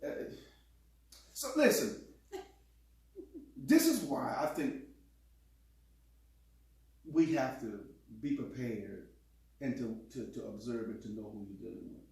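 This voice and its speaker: A man in casual chat with his partner, telling animated stories and acting out quotes with laughs. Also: medium pitch, takes it slowly, pauses often. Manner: animated, laughing storyteller who acts out quotes. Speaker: co-host. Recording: echoey room, distant mic.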